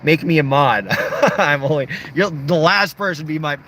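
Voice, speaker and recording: Late at night, a young man livestreams, reading chat comments aloud in shifting voices and joking around playfully. His fairly high, expressive voice moves at a moderate pace with a fairly bright tone over slight background noise.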